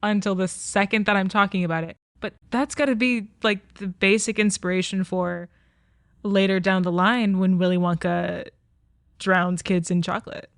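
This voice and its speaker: A woman's voice: mid-range voice, fairly even intonation, normal speed, no echo. Woman podcast host, dry and close. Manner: thoughtful, hedging with "I think" and "like". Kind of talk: casual film review chat.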